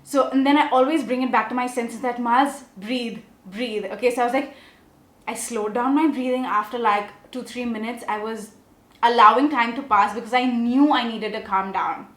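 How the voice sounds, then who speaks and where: Young female beauty vlogger, chatty and animated, higher voice, echoey room. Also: fairly quick. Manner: chatty, animated, often asks okay?. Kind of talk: casual makeup tutorial and storytelling.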